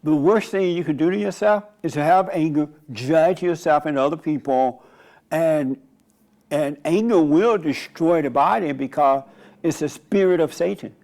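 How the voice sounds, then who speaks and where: Male preacher, slightly high voice, conversational sermon, rambling storytelling. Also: normal speed, darkish tone. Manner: rambling, storytelling, frequent restarts. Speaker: pastor and radio host.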